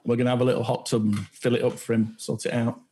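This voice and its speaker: A man's voice: mid-range voice, level tone, fast, dark tone. A man co-hosting a casual chat over a video call, with a dry, joking manner. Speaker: co-host.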